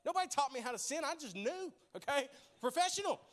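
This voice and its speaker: A young man preaches in church with a strikingly high-pitched voice. He tells playful stories, laughs easily, and keeps turning to the congregation to draw them in. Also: quick pace. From Arkansas. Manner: lively, humorous, laughs often, addresses congregation directly. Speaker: pastor. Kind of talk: sermon with storytelling.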